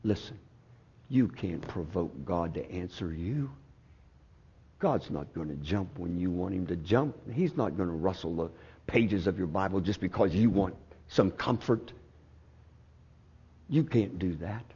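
Pastor, male, husky, unhurried sermon delivery with loud peaks and soft drops, dull lo-fi recording. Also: deep voice, animated. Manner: swings from loud outbursts to hushed, slow phrasing.

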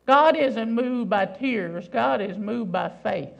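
A woman's voice: fairly high pitch, takes it slowly, vocal fry, dull audio. A woman preacher delivering a sermon, emphatic and full of rhetorical questions.

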